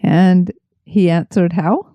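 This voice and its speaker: A woman's voice: on the low side, fairly even intonation, takes it slowly, no echo, lo-fi sound. A woman co-hosting a podcast, reacting thoughtfully in casual chat. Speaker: podcast co-host.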